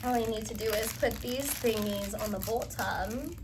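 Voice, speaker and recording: A woman's voice: on the high side, moderate pace, noisy background. A young woman vlogging casually at home, rambling and giddy, with lots of fillers and squeals while she builds furniture. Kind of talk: casual storytime chat. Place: home room, indoors.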